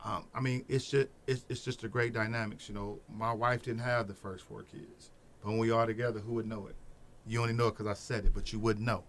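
Animated middle-aged man telling family stories. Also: fairly low pitch, a little fast, a little hiss or hum. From Peoria, Illinois. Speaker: guest, Head Start program director. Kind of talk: casual podcast interview.

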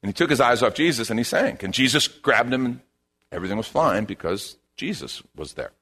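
Male pastor, mid-pitched, lively and expressive delivery, conversational sermon style with repeated phrases. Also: quick pace.

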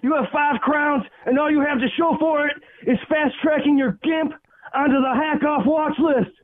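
A man's voice: very high-pitched, steady tone, normal speed, phone-quality sound, a little hiss or hum. A man calling in to a radio show, delivering a mocking comedic roast. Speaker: caller. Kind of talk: comedic rant call with singing.

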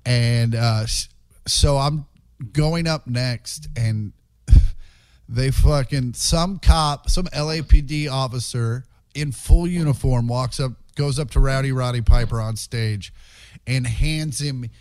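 A man, a stand-up comedian, telling road stories in a casual chat. He is profane and animated and acts out the quotes. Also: mid-range voice, slow, no room sound.

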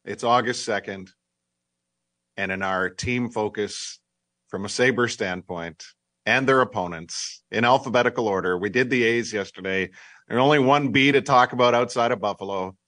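Wry low-voiced sports radio host. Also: male voice, normal speed, fairly bright tone, no echo. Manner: wry, teasing, steers the segment. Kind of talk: sports talk hosting.

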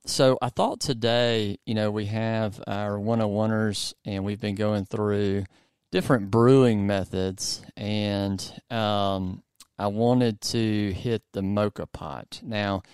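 A man hosting a podcast in a casual chat, with a low, smooth, resonant voice. He rambles through plenty of fillers and restarts, and the sound is dry and close with no room echo. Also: fairly even intonation, slow pace, a little mellow. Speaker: podcast host.

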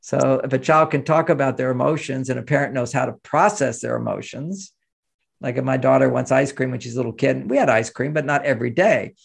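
Man from the US, gravelly tone, middle pitch, animated interview talk. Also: a little fast. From United States. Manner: animated, acts out quoted voices, chuckles. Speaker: relationship author and interview guest. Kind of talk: conversational interview explanation.

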